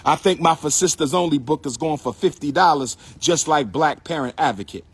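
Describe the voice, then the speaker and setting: Husky-voiced man preaching to viewers. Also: a little high, a little fast, no echo. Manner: preachy, repetitive, call-and-response with viewers. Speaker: livestream host and lecturer. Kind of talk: live-streamed talk to viewers.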